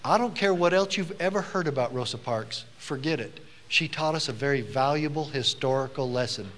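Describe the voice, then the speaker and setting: A man's voice: mid-range voice, brisk, few pauses. A former sheriff giving an emphatic public speech to a live audience, telling stories and acting out the people he quotes. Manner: emphatic, swells to loud rallying stresses; storytelling, acts out the people he quotes. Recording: long hall reverb.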